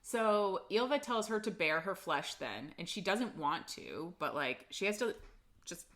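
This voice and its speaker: Woman podcast co-host, casual book recap, slightly low voice, filler-heavy and blunt. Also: animated, measured pace, a bit bright. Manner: chatty recap with lots of "like" and swearing. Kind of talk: casual book-club chat.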